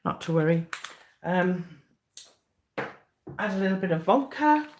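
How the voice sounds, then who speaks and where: A woman's voice: lowish voice, expressive, measured pace, slight background noise. A middle-aged woman giving a live cake decorating demonstration, chatty and encouraging with many fillers.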